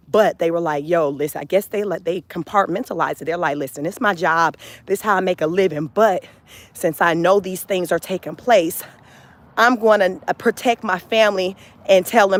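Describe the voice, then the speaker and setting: Chatty woman doing live commentary. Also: fairly low pitch. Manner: animated, chatty, addresses viewers as y'all. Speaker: commentary vlogger. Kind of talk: casual live-stream commentary.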